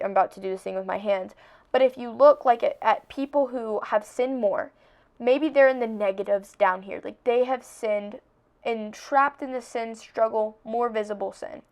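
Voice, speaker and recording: A young woman hosting a podcast, talking earnestly and casually about her faith, with lots of "like" and restarts. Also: a little high. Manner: chatty, earnest, heavy use of "like". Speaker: podcast host.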